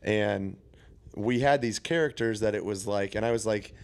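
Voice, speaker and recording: A man co-hosting a casual movie podcast, talking in a measured, reasonable way. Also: fairly low pitch. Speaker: podcast co-host.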